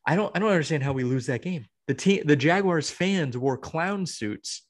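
With a slightly high voice and lively intonation, a young adult man speaks at a moderate pace while co-hosting a podcast. He rants casually and with exasperation, wandering off and starting over many times.

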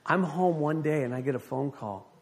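A middle-aged man preaching a sermon, an animated storyteller who reads scripture and acts out the voices of people in his stories. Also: on the high side, normal speed. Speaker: pastor.

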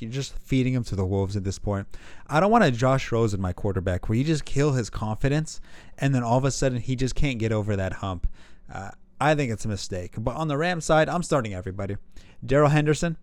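A man's voice: medium pitch, no echo. Guy chatting fantasy football, jokey and rambly, dry close sound. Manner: animated, jokey, rambling with restarts. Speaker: podcast co-host. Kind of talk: casual fantasy football chat.

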